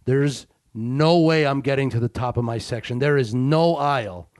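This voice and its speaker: A man casually telling a long, animated anecdote on a sports podcast. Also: medium pitch, normal speed, no room sound, clean studio sound. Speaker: guest storyteller.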